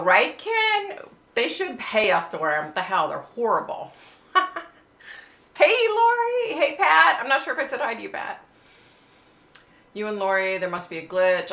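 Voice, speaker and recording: A middle-aged woman chats with her livestream viewers in a loose, rambling way, swearing freely and dropping "like" everywhere. Her voice sits low with a gravelly fry and a bright, sharp edge. The sound bounces around an echoey room. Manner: rambling, chatty, swears freely, peppers speech with "like". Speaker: psychic livestream host. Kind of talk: casual livestream chat with viewers.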